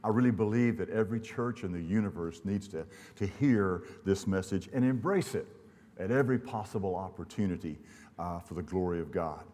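A man's voice: deep voice, brisk, a little mellow. An older man from Louisiana preaching a sermon in a church, telling folksy humorous stories. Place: church sanctuary. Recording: long hall reverb.

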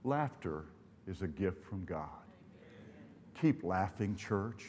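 A man's voice: low-pitched, expressive, takes it slowly, a little mellow, breathy edge. An older man from Louisiana preaching a sermon in a church, telling folksy humorous stories. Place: church sanctuary. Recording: long hall reverb.

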